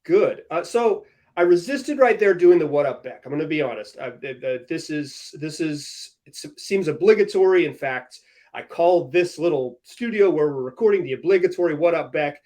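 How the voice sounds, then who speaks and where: A young adult man hosts a casual sports podcast chat, telling stories with energy and laughing as he goes. His voice is on the high side, and he keeps a moderate pace.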